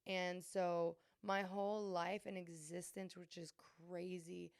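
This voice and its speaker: Gravelly low-voiced woman, candid and rambling. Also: level tone, takes it slowly, no room sound, clean studio sound. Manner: earnest, rambling, many fillers and restarts. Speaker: podcast host. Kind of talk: candid confessional chat.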